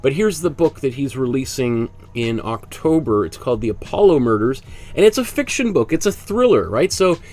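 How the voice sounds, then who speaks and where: A man's voice: medium pitch, big pitch swings, moderate pace, darkish tone. A man with a cold teaching a painting class. He talks in a chatty way and explains each step as he works. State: congested with a cold. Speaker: art instructor. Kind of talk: casual painting demonstration.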